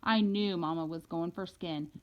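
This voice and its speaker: A woman reading a first-person novel aloud in a lively, casual storytelling manner. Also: fairly low pitch, normal speed. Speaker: audiobook reader. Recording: dull lo-fi recording.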